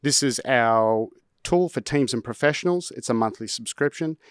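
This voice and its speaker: A startup founder giving a rehearsed, punchy and confident sales pitch. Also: male voice, lively intonation, moderate pace, clear, resonant tone, no echo, studio quality.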